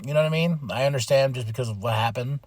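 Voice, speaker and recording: A man hosting a podcast, giving a casual, animated wrestling recap, chatty with lots of fillers and restarts, acting out quotes in exaggerated voices. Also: mid-range voice, very fast, dry recording, clean studio sound. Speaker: podcast host.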